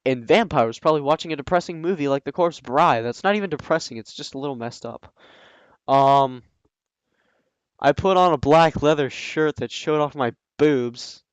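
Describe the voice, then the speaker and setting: A man reads a silly story aloud in a fairly high, smooth voice, stopping often to mock it with dry sarcasm. His speech is dotted with ums, and the close, dead-dry sound carries no room at all. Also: moderate pace, dry recording, lo-fi sound. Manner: sarcastic, scoffing asides with frequent ums. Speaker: reader and commentator. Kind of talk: reading a fan story aloud with mocking commentary.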